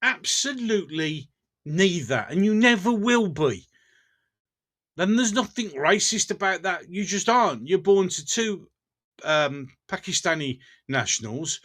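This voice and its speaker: A man's voice: high-pitched, animated, a little slow, a bit bright. A man with a Birmingham accent hosting a casual live stream, chatting bluntly with viewers, often laughing between remarks and going off on rants. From England.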